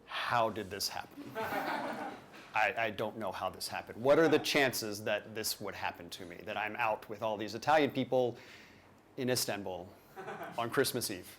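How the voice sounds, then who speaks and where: A man's voice: fairly low pitch, moderate pace, fairly bright tone, a little hiss or hum. A man telling a personal story live to an audience, conversational with playful, self-deprecating asides.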